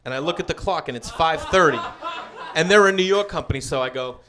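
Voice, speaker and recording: A man's voice: high voice, expressive, brisk. A man doing stand-up, telling a long story and acting out the other people's voices. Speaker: stand-up comedian. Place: comedy club stage with a laughing audience. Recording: live club recording, loud crowd and noise.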